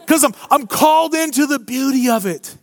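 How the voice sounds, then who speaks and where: A male pastor preaching a sermon to a live congregation, animated and humorous in a conversational way. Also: very high voice, normal speed, no echo. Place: church before a live congregation.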